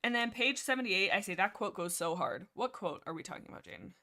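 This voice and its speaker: A woman's voice: medium pitch, expressive, fast talker, pushed and bright. A woman hosting a casual book discussion livestream, reading passages aloud and gushing about them in a rambling way, often tripping over character names. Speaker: livestream host.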